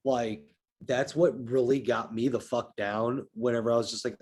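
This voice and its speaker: A man's voice: medium pitch, fairly even intonation, normal speed, darkish tone, husky. A man guesting on a podcast in casual chat, frank and swearing a lot as he rants.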